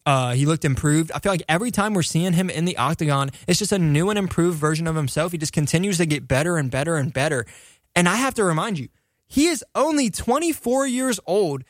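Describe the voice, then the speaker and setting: A man's voice: on the high side, no echo, studio quality. A young man giving a casual, enthusiastic fight recap as a commentator, rambling with many fillers and restarts. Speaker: combat sports commentator.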